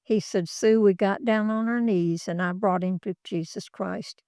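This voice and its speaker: A woman's voice: medium pitch, steady tone, moderate pace, warm tone, no room sound, clean studio sound. An older woman, a former executive assistant, telling rambling, folksy anecdotes in an office interview. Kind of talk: casual storytelling.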